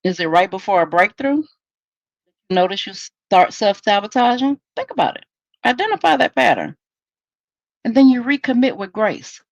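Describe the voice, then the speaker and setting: A woman's voice: mid-range voice, very animated, normal speed, pauses often, dry recording, lo-fi sound. A woman hosting a solo podcast in a candid, conversational, preachy way. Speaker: podcast host.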